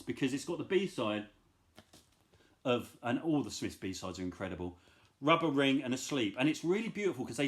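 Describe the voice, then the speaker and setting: A middle-aged man casually chatting about his record finds, enthusiastic and rambling, with self-deprecating asides. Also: medium pitch. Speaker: vinyl collector vlogger. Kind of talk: casual chat.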